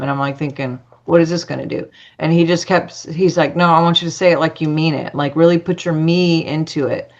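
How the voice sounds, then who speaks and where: A woman's voice: sits low, steady tone, fast talker, vocal fry, few pauses, lo-fi sound. A woman telling a personal story as a podcast guest, chatty, acting out dialogue with lots of fillers.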